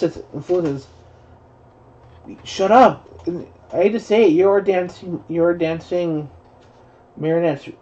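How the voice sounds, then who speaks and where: A man's voice: on the high side, warm tone. A young man rambling in a profane live-stream commentary, full of restarts. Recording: dull lo-fi stream audio.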